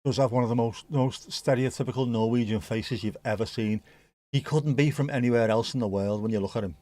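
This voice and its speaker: A British man commenting on a match as it unfolds, joking one moment and loudly excited the next. His voice sits at an ordinary middle pitch and is recorded close and dry, with no room sound. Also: a little fast, no echo. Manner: joking, bursts into excitement at goals. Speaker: watchalong host. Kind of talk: casual live match commentary.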